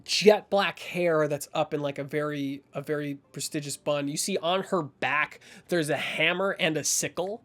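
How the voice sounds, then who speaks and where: A man's voice: fairly high pitch, moderate pace, hardly any pauses, fairly bright tone. A man narrating as game master in a rambling way, full of fillers and restarts.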